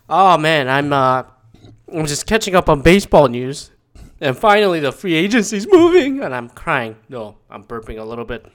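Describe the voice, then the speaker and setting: A man's voice: medium pitch, a bit bright. A young man hosting his own podcast in casual solo chat, rambling and swearing, with lots of fillers and restarts. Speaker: podcast host.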